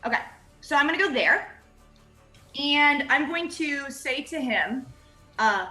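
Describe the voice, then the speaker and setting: A woman playing a tabletop game, talking in an excited, chatty way. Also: sits high, a little slow, pauses often, reverberant, soft background music. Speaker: player.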